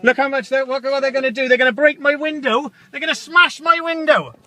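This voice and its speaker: A man's voice: extremely high pitch, steady tone, a little fast, bright, forceful tone. A man, a stopped driver, argues with police and keeps repeating his questions. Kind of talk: filmed confrontation.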